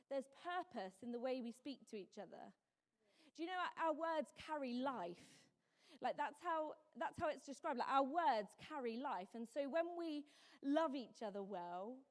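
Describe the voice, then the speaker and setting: A woman's voice: high-pitched, darkish tone. A young woman preaching a sermon in a chatty, self-mocking storytelling way, full of "like"s. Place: church hall. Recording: long hall reverb.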